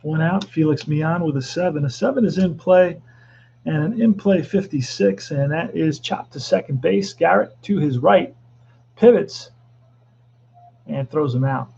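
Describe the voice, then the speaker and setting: Gravelly high-voiced man calling dice baseball. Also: a little slow, highs cut off, a little hiss or hum. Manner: excitable announcer calls, joking asides. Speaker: tabletop baseball replay host. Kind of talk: play-by-play commentary of a dice baseball game.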